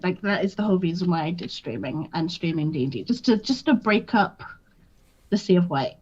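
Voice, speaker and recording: A woman's voice: lowish voice, expressive, brisk, a little mellow, breathy edge, lo-fi sound. A woman chatting as a guest on a livestream. She talks frankly and jokes at her own expense, with a lot of fillers. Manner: frank, self-deprecating, full of fillers. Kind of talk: casual chat on a livestream.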